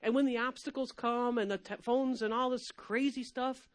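A woman preacher giving a lively, emphatic sermon, laughing often and swinging between loud and soft. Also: a little high, normal speed, few pauses, no room sound.

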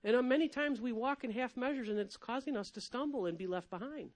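A woman preacher giving a lively, emphatic sermon, laughing often and swinging between loud and soft. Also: fairly high pitch, fast talker, dry recording.

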